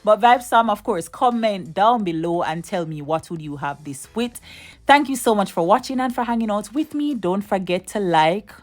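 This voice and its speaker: In an expressive, mid-range voice at a moderate pace, a woman runs a relaxed cooking video. She addresses the audience directly, offers tips one step at a time, and repeats key pointers.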